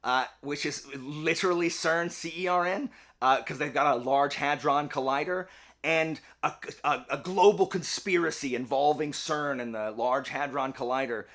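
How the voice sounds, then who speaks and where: A young man giving a casual, chatty review, full of fillers and animated retellings. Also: a little high, moderate pace. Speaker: book and game reviewer.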